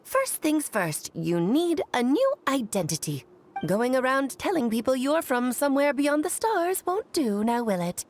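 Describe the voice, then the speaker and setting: A woman's voice: high voice, very animated, unhurried, slight background noise. An actress voicing a playful, mysterious grown woman mage with a teasing, theatrical manner.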